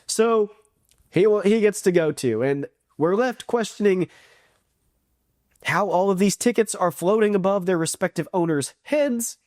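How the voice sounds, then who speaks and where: Casting note: chatty, enthusiastic host reviewing a cartoon, mid-pitched, dry and close to the mic. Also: a little slow, darkish tone, no echo. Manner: enthusiastic, rambling, acts out quotes. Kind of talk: casual video review.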